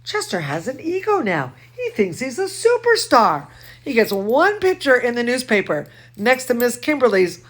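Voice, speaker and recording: A young woman, a dance teacher, chatting at bedtime with a puppet in an animated, sing-song way. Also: medium pitch, a little slow. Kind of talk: bedtime story chat with a puppet.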